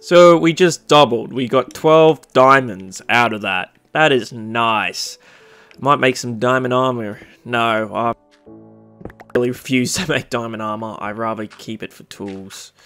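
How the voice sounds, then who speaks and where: A young man giving casual, rambling commentary over a game he is playing, full of fillers and excited outbursts. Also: measured pace, clear, resonant tone, faint music behind. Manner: rambling, excitable, bursts into squeaky cutesy voices. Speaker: Minecraft let's-play host.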